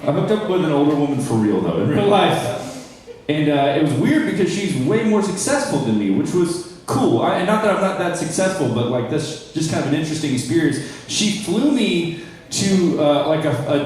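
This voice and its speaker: A young stand-up from North Charleston, South Carolina, plays to a small crowd with a fairly high, darkish, very animated voice at a normal pace. His crowd work is wry and self-deprecating, and the sound is echoey from a far-off mic in the small comedy room.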